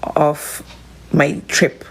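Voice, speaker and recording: A woman with a South African accent, hosting a solo confessional podcast, talking alone at home in a halting, rambling, emotional way. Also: low-quality recording. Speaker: podcast host.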